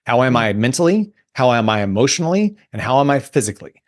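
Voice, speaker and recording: A man's voice: mid-range voice, quick pace. A man, a coach and guest, explaining ideas in a casual interview and acting out his own thoughts. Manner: animated storytelling, acts out inner thoughts. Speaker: guest, emotional intelligence coach.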